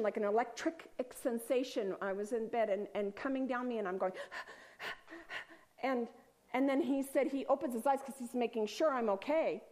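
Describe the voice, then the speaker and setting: A woman sharing a personal spiritual testimony. She speaks earnestly and rambles with restarts, often sinking to a soft near-whisper. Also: on the high side.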